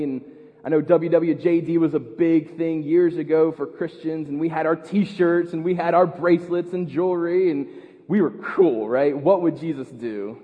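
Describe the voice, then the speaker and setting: An American man preaching a sermon as pastor, earnest, repeating words and building to loud emphasis. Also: on the high side, long reverb tail, narrow, tinny audio. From United States. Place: church.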